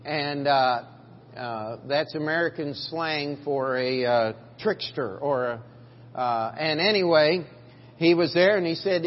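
This middle-aged man speaks slowly in a fairly high pitch while preaching a sermon as pastor. His style is folksy and emphatic with many restarts, captured in a church sanctuary on a dull, lo-fi recording with a long reverb tail.

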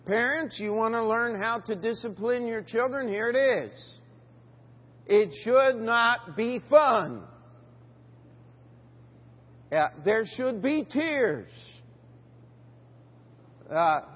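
A pastor with a very high, husky, expressive voice preaches slowly, leaving long pauses. He questions the congregation and reads scripture aloud in King James language, and the church sanctuary recording sounds dull with long reverb.

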